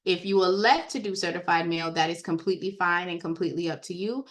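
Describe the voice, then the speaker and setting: A woman giving a casual, chatty walkthrough of credit repair software on a screen share, talking straight to her viewers. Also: on the low side, fairly even intonation, quick pace. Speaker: software trainer.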